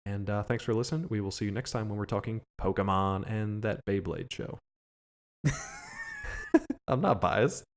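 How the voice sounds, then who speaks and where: A man co-hosts a casual podcast, chatting his way through plugs and sign-offs with light jokes. His voice is fairly low and steady, a little fast, with hardly any pauses.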